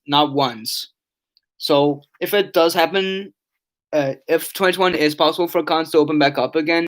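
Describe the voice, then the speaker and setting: A tired young man chatting on a casual live stream, reading chat aloud and rambling with many restarts and fillers. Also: on the high side. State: yawning, tired.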